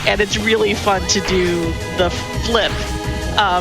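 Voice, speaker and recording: A woman giving casual commentary on a speedrun, animated and talking in quick bursts, her throat tired. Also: medium pitch, poor audio. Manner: animated, quick bursts, laughs between thoughts. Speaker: run commentator. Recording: game music behind the voice. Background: game music.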